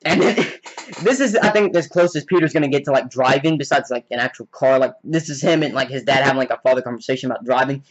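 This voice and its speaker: A man excitedly recapping a film scene by scene in a casual, rambling way, full of "like". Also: medium pitch, fast, dull audio, slight background noise. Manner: rambling, heavy on "like" fillers; excitable fan. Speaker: movie reviewer.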